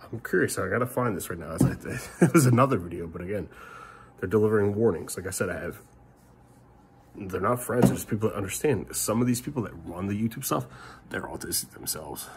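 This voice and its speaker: A middle-aged man ranting in a vlog monologue, rambling and frustrated, swinging between loud outbursts and muttered curses. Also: on the low side, lively intonation, fairly quick, a little hiss or hum. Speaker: family vlogger.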